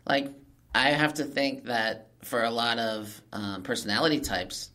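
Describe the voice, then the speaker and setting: A man hosting a podcast, chatting casually with his guest in a relaxed, halting way. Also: medium pitch. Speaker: podcast host. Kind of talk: casual interview chat.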